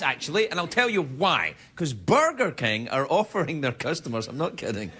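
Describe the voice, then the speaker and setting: A man hosting a late-night talk show, delivering a playful, teasing comedy monologue with sudden shouts. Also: mid-range voice, fairly quick, few pauses, slight background noise. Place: TV studio before a live audience. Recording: lively studio with crowd and music. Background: audience laughter and band.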